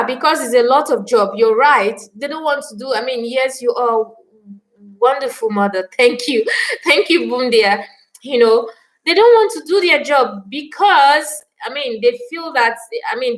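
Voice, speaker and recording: A Nigerian woman talks straight to her live-stream viewers, her voice sitting a little on the high side. She is passionate and indignant and keeps repeating her phrases to press her point. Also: expressive, normal speed, rough recording. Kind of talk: impassioned live-stream talk answering viewer comments.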